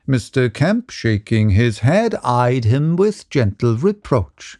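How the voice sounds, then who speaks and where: Slow, unhurried male storyteller. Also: mid-range voice, big pitch swings, darkish tone, no room sound, clean studio sound. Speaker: audiobook reader. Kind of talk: short story reading.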